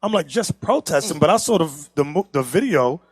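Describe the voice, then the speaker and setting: A man teaching a class from pictures, animated and teasing, who laughs often and talks straight to the room. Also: fairly high pitch, fast, no echo, clean studio sound. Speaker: class instructor. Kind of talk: lively classroom lecture with pictures.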